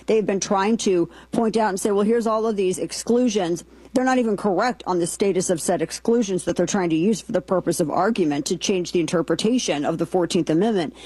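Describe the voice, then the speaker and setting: A woman's voice: mid-range voice, warm tone, husky, no echo, low-quality recording. A woman hosting a political talk show, giving emphatic, indignant commentary and reading quotes aloud.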